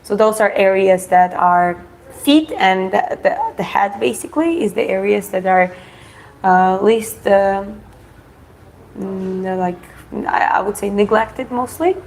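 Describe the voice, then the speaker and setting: Halting woman with a gravelly voice. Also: mid-range voice, darkish tone, a little hiss or hum, low-quality recording. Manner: halting, full of fillers and restarts. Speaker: co-host. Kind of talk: casual chat.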